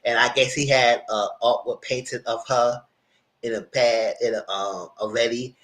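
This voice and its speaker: A man's voice: medium pitch, fairly even intonation, measured pace, a bit bright, poor audio. A man hosting a live TV review, recapping episodes in a chatty, rambling way. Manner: chatty, rambling, slips into character voices. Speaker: TV review host. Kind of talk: casual TV recap commentary.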